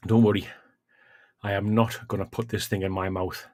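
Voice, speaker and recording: A man's voice: on the low side, flat delivery, moderate pace, darkish tone, dry recording, studio quality. A man hosting a casual livestream, chatting between coughs, sighs and exclamations as he eats hot chilli. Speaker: livestream host.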